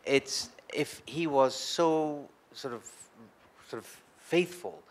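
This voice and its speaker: A man's voice: medium pitch, slight background noise. A man on an academic panel, asking probing questions and pressing a point.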